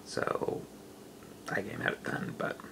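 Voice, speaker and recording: A man's voice: slow, noisy background. A young man, rambling loosely in a casual late-night vlog, full of fillers. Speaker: vlogger.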